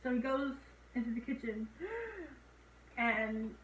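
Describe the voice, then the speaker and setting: Animated young woman recapping a horror film. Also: a little high, slow pace, slight background noise. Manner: animated, acts out scenes in raised voices. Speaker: co-host reviewing a horror film. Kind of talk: casual chat recapping a movie. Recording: echoey room, voice a bit far from mic.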